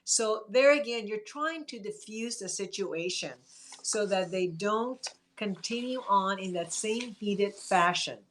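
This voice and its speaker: Woman, therapist, live-stream advice chat, coaching tone, mid-pitched voice. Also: expressive, unhurried, a little hiss or hum. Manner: chatty and coaching, greets viewers by name and acts out sample replies.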